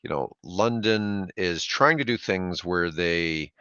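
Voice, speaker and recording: A man born in Germany hosting a casual chat show, loose and chatty and quick to laugh. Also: sits low, pushed and bright, clear, resonant tone, no room sound, highs cut off. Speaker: show host.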